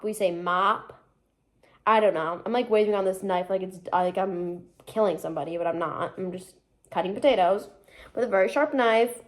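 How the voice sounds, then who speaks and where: Cooking at home, a young Michigan woman with the local accent keeps up a casual vlog chat into a phone resting on the counter, rambling and dropping "like" constantly. Her voice is mid-range and somewhat dark.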